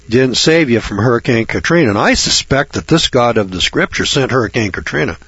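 A man delivers Bible commentary in a husky, slightly hoarse voice. He is blunt and hectoring and often restarts his words. The recording is dull and lo-fi, with a dry, close sound. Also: mid-range voice, fairly bright tone, no room sound. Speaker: Bible teacher.

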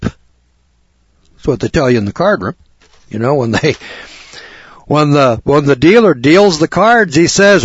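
A man's voice: medium pitch, very animated, measured pace, long pauses, breathy edge, dry recording. A man preaching a sermon in a blunt, folksy, crude manner, recorded on a dull lo-fi recording.

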